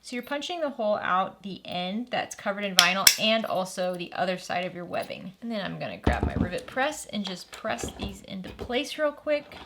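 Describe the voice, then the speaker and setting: A woman's voice: mid-range voice, very noisy. A woman hosting a sewing tutorial, walking through each step in a friendly, practical way and stopping now and then to correct herself.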